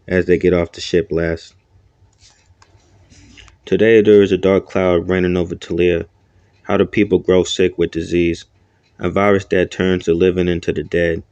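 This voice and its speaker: Deep gravelly guy reading his own fantasy story, muffled dry sound. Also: flat delivery, moderate pace, pauses often, darkish tone, no echo. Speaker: audiobook narrator.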